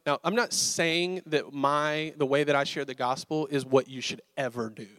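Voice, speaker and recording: Male pastor, slightly high voice, dry close sound, chatty storytelling sermon. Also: moderate pace, dry recording. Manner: casual storytelling, animated and conversational.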